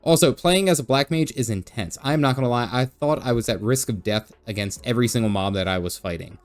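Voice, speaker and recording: A man's voice: medium pitch, a little fast. Jokey man recapping his game stream. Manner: jokey, goofy voices when quoting characters. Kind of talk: casual game recap narration.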